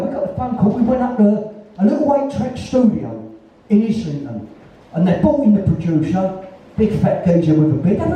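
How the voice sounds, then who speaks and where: Older cockney bloke, dark gravelly tone, swears a lot, pitch jumps all over, distant lo-fi room mic. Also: male voice. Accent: Cockney, East London. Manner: blunt, sweary, laughing anecdotes. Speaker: interviewee, punk musician. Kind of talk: casual storytelling on stage. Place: live venue, in conversation event. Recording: echoey hall, distant lo-fi mic.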